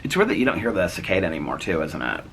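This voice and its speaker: Chatty man with a lively, bright voice. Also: low voice, very fast, slight background noise. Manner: rambling, chatty, frequent fillers and laughs. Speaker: vlogger. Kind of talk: casual vlog chat. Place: home. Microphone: camera on tripod.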